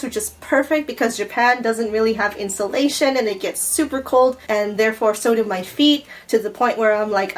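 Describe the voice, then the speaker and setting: A woman unboxing gifts in a casual vlog, gushing and excitable, often breathless with delight. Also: on the high side, rough recording. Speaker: YouTuber unboxing a gift box. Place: home in Japan.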